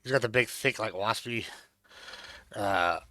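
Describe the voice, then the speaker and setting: A man's voice: lowish voice, a little slow, bright, forceful tone, no room sound. A man streaming a game, chatting casually in a rambling, crude way with plenty of swearing and fillers. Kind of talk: casual chat while gaming.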